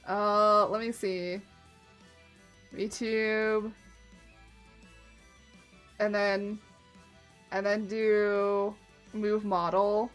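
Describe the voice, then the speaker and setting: A woman streaming live in casual chat, giggling often and muttering to herself as she clicks through software. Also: mid-range voice, little pitch movement, extremely slow, long pauses, soft background music.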